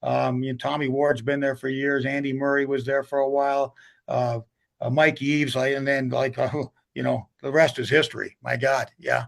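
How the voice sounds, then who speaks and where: A man's voice: medium pitch, flat delivery, moderate pace, vocal fry. An older man, a hockey coach telling rambling stories in a casual interview, with many restarts.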